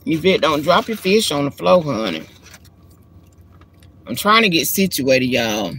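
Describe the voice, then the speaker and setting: A woman's voice: low voice, big pitch swings, unhurried, fairly bright tone, slightly rough. A woman hosting a casual live stream from inside her car, chatting in a folksy way to viewers on a handheld phone. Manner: chatty and folksy, calls viewers girl and honey. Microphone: handheld phone camera.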